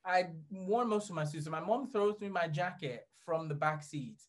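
A man's voice: sits high, moderate pace. Laughing, rambling man. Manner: rambling, animated, laughs through the story. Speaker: guest. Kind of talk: casual storytelling.

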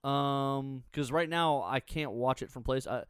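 A man's voice: mid-range voice, measured pace, fairly bright tone, clean tone, dry recording, studio quality. Wry sarcastic podcast co-host man. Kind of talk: casual chat.

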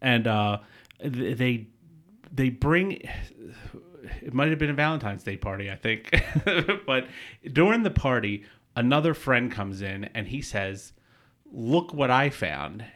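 A man's voice: mid-range voice, animated, unhurried, a bit bright. A man telling a rambling, profane story in casual podcast chat, laughing often. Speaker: podcast co-host.

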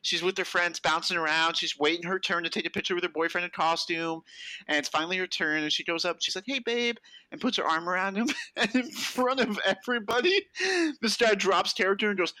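Animated young man telling stories. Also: high voice, brisk, poor audio. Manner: animated storyteller who acts out other people's lines, swears a lot. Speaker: podcast co-host. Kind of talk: casual podcast chat.

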